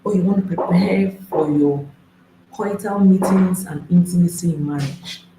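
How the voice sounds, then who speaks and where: Coach talking to a crowd, emphatic, repeats stuff, warm voice. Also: medium pitch, fairly even intonation, normal speed, reverberant, a little hiss or hum, rough recording. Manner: emphatic, repeats phrases, rhetorical questions. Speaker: marriage and intimacy coach. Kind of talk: speaking to an audience.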